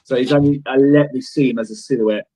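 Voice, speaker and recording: A man's voice: medium pitch, fairly even intonation, quick pace, dark tone, slightly rough, poor audio. A middle-aged man, a guest in an interview, telling stories in a rambling, emphatic way and swearing freely. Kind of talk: casual storytelling in an interview.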